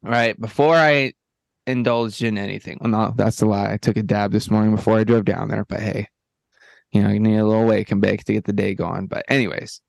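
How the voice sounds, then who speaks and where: A man co-hosting a podcast in a laid-back, casual chat, high on edibles, peppering his talk with "bro" and "you know what I mean". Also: little pitch movement, brisk, gravelly, no room sound, clean studio sound. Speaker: podcast co-host.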